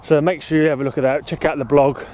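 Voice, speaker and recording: A slightly high-voiced man records a walking vlog, short of breath as he rambles. He swears freely and laughs at his own remarks. Faint traffic and city hum drift behind him outdoors. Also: flat delivery, fast talker, a little mellow. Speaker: podcast host. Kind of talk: casual walking vlog monologue. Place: outdoors in an urban park.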